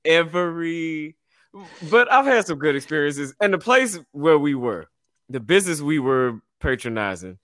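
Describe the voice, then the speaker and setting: A man's voice: on the high side, big pitch swings, moderate pace, a bit bright, no room sound, studio quality. Laid-back, slangy male podcast host. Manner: laid-back storyteller, slangy, laughs often, many restarts. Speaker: podcast host and business owner. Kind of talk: casual podcast chat.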